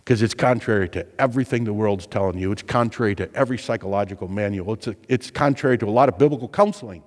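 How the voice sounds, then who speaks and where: A man preaching a sermon, stressing his points by repeating phrases and moving from loud urgency to hushed tones. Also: fairly low pitch, quick pace, hardly any pauses, in a large hall.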